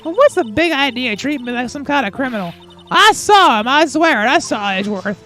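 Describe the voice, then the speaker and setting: A streamer voicing a brash, defensive female witness in a game, talking loudly and high. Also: expressive, brisk, soft background music. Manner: loud, defensive. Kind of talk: reading game dialogue aloud.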